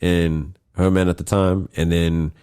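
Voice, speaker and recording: A man's voice: low voice, little pitch movement, measured pace, smooth. A man hosting a podcast, telling a story in a rambling, casual way full of fillers and acted-out quotes. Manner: rambling, many fillers, acts out quotes loudly. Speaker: podcast host.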